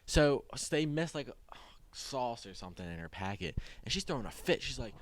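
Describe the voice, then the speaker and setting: A man's voice: very animated, a little fast. A young man from Maryland telling rambling stories as a podcast guest, full of fillers. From Maryland, United States. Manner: rambling storyteller, many likes, jumps up in pitch when indignant. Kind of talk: casual chat.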